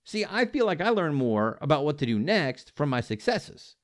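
A man's voice: a little high, big pitch swings, moderate pace, dry recording. Male podcast host, encouraging, folksy, dry close sound. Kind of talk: motivational interview chat.

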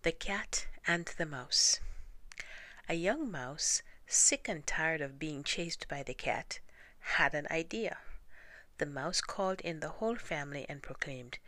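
A woman reading children's stories aloud in a soft-spoken ASMR style. She is gentle and often half-whispers. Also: low-pitched, lively intonation, unhurried, no room sound. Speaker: storyteller.

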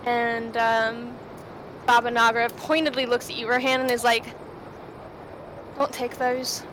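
A woman narrating a tabletop game as the game master, in a relaxed, unhurried way with many fillers. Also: on the high side. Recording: noticeable background noise.

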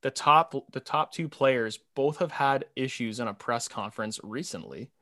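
Casual chat: young guy co-host, lively, mimics quotes, crisp tense tone. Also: medium pitch, moderate pace, no room sound, studio quality. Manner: animated, laughing, mimics quotes. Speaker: podcast co-host.

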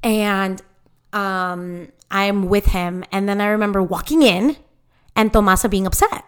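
Young woman, podcast co-host; smooth, clear voice, mid-pitched; animated, filler-heavy storytelling. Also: a little slow. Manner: animated retelling with quoted voices, many fillers. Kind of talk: casual storytelling chat.

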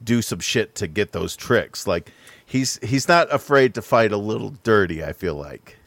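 Lively-pitched joking man, dry sound. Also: moderate pace, creaky, no echo. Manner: joking, playful interjections. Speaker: podcast co-host. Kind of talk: casual chat.

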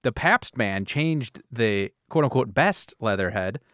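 A man's voice: mid-range voice, animated, slow, a bit bright, no room sound, studio quality. A man hosting a casual comedic podcast. He rambles through a story, fumbling his words and laughing at himself. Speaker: podcast host.

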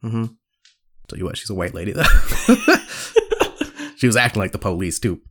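A young man co-hosting a casual podcast, telling stories and putting on squeaky voices for the people he quotes. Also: very animated, moderate pace, fairly bright tone. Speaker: podcast co-host. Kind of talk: casual chat.

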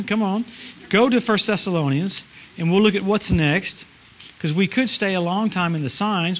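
A middle-aged man preaching a sermon at a church service, animated, swinging from loud exclamations to low murmurs. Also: slight background noise. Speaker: guest preacher.

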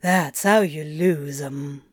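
Smarmy salesman, low and sly; woman narrator voices him. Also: lively intonation, takes it slowly, darkish tone, no room sound, studio quality. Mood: schmoozing.

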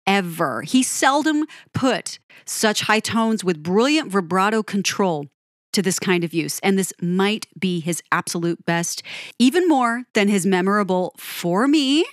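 A woman hosting a music commentary, gushing about a song, animated and quick to correct herself. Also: medium pitch, no room sound, studio quality. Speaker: music podcast host. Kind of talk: enthusiastic song breakdown.

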